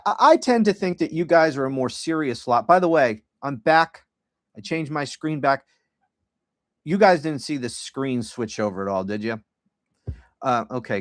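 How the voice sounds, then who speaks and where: A middle-aged man hosting a casual solo livestream. He rambles and swears, and his tone is sardonic. His voice sits at an ordinary pitch and is recorded dry and close. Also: no echo. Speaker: podcast host.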